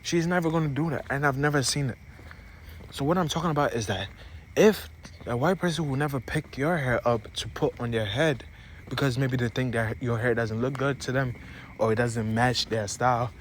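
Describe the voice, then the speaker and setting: A man's voice: mid-range voice, normal speed, a little hiss or hum. A young man from Africa, with an accent mixing African and American, giving an opinionated, rambling monologue straight to his viewers. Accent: African mixed with American. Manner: rambling, repeats and restarts phrases, addresses viewers directly. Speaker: vlogger. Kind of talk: opinionated casual monologue to camera.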